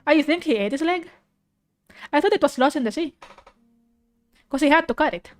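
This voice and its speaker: High-voiced young woman, effusive rambling chat. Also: expressive, a little fast. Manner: rambling, effusive, emotional, with restarts. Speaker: vtuber streamer. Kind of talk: casual chat reacting to an anime. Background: soft piano music.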